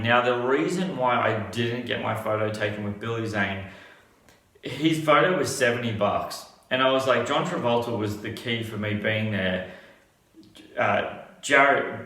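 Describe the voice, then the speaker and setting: A man's voice: on the low side, a bit bright. A man telling a casual story, rambling with many restarts. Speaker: vlogger. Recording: echoey room.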